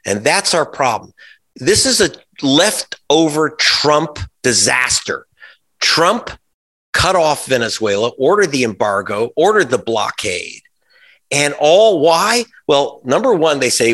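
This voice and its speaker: A man's voice: on the high side, expressive, a little slow, bright, forceful tone. A man, a journalist guest in an interview, talking in an emphatic, sarcastic way with many restarts and asides. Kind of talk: conversational interview.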